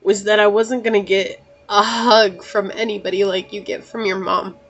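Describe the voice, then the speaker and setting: A woman's voice: mid-range voice, level tone, normal speed, highs cut off. A woman host talking earnestly and emotionally to her viewers, near tears at times, repeating phrases and often saying "you know". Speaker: tarot channel host. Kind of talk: personal heartfelt talk to viewers.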